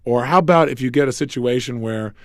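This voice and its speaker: A man's voice: mid-range voice, fairly quick, no room sound, clean studio sound. A middle-aged man giving a motivational self-help lecture, emphatic, asking rhetorical questions and acting out bits of dialogue.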